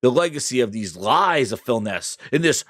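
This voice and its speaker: Male stream host, loud and jokey, lively swooping delivery, dry close mic. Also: mid-range voice, moderate pace, dry recording. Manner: boisterous, laughing, swearing, reading chat shout-outs. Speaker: livestream gaming show host. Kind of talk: casual live-stream chat.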